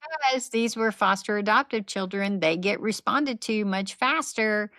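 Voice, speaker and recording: A middle-aged woman guest telling lively, faith-based stories and acting out what people said in casual conversation. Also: medium pitch, a little slow, no room sound. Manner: animated, faith-based storytelling with acted-out quotes. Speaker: podcast guest, nonprofit founder. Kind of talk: conversational storytelling.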